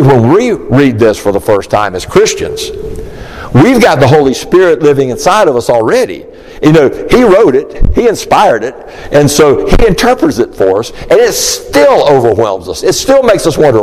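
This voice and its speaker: A man preaching an expository sermon, emphatic and animated, acting out the disciples' questions. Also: a little high, normal speed, big-room sound, rough recording.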